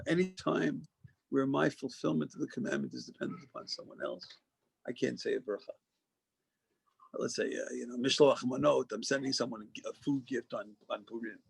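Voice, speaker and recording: A man's voice: mid-range voice, vocal fry, breathy edge, no room sound, low-quality recording. A man giving an informal, conversational Torah lecture as a rabbi, discursive and often restarting phrases for emphasis. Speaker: rabbi teaching a class.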